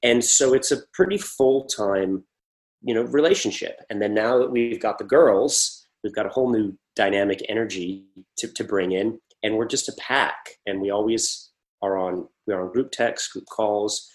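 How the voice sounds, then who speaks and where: A man with a somewhat low voice chats through an interview. He rambles, restarts and acts out little quoted exchanges while telling stories about work and friends. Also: normal speed. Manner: rambling, animated storytelling with acted-out quotes. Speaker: actor guest. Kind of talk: casual interview talk.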